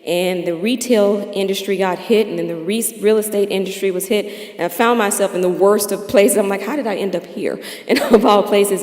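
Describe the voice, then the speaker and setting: A woman's voice: medium pitch, darkish tone. An American woman speaks from a stage in a large hall, her voice ringing with long reverb. She delivers a heartfelt awards speech. She laughs lightly between phrases. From United States. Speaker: charity founder giving awards speech. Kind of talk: emotional ceremony speech.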